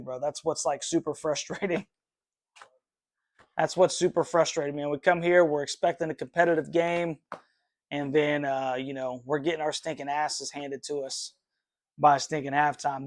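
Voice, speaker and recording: Frustrated fan host, rambling. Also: male voice, fairly high pitch, fairly even intonation, moderate pace. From North Carolina. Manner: frustrated, rambling, many fillers and sighs. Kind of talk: live sports reaction stream. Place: his room.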